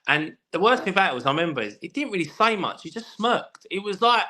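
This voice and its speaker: Male guest, rapid animated storyteller, bright forceful tone, swears a lot. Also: high-pitched. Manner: animated storyteller, swears freely, many restarts. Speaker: guest, former footballer. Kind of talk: casual podcast chat.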